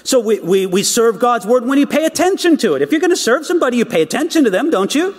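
A man with a strikingly high voice delivers a sermon. He speaks emphatically, repeating words and asking his listeners rhetorical questions. His voice rings out with the long reverb of a large hall. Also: very animated, quick pace. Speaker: preacher.

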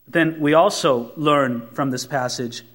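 A man preaching a sermon, emphatic and dramatic, dropping to soft asides and then swelling on key words, and acting out the voices he quotes. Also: a little high, measured pace. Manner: emphatic, swinging between loud stresses and soft asides.

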